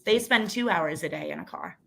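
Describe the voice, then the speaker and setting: A woman's voice: lowish voice, animated, a little fast, vocal fry, fairly bright tone. A woman in her thirties or forties, a school committee candidate, telling a personal story as a guest in a casual interview, earnest and emotional, with frequent restarts.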